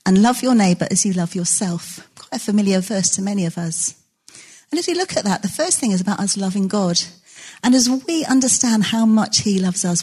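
A woman preaching to her church in an easy, chatty manner. Her voice has a soft, breathy, slightly husky edge and sits at an ordinary middle pitch. She leans on light self-deprecating stories. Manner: warm, conversational, self-deprecating storytelling. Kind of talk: sermon.

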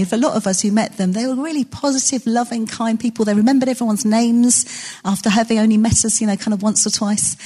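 A woman's voice: on the high side, darkish tone, slightly rough. A woman preaching a sermon in a conversational, self-deprecating way, telling stories to her congregation.

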